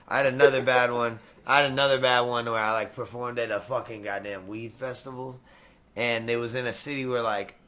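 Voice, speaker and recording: A man's voice: mid-range voice, a bit bright. A man guest in a casual interview, hyped and profane, full of slang and swearing. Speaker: musician guest.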